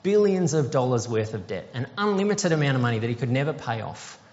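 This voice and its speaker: A man's voice: medium pitch, big pitch swings, quick pace, a little mellow. A man preaching a sermon, explaining a parable conversationally and asking the congregation questions. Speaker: pastor. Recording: dull sound with long hall reverb.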